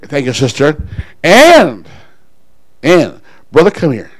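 A pastor preaching a sermon to his congregation, calling people up front and pausing for call-and-response. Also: a little high, huge pitch swings, no room sound, rough recording.

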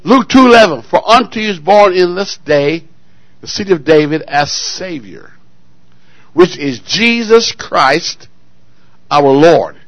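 High, lively, bright-voiced preacher man. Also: unhurried, no room sound, low-quality recording. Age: adult, married. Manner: emphatic, call-and-response questions to the congregation; swings between loud exclamations and soft asides. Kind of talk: sermon.

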